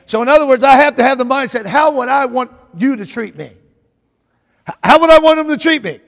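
A man preaching a sermon, often repeating phrases, calling out to his congregation for a response, and rising to shouts at the peaks. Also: very high-pitched, expressive, brisk, creaky. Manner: rises to shouting at climaxes. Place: church sanctuary. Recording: long reverb of a large hall.

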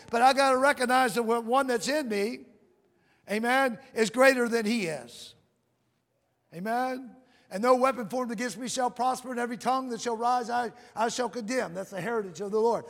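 A man preaching a sermon, calling out to the congregation and reading scripture in a slow, drawn-out cadence. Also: very high voice, a bit bright. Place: church sanctuary. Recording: long reverb of a large hall.

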